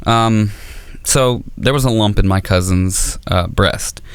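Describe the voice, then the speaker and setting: A man doing a stand-up comedy set on stage, rambling and self-deprecating with dark humor. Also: on the low side, slow pace, noisy background.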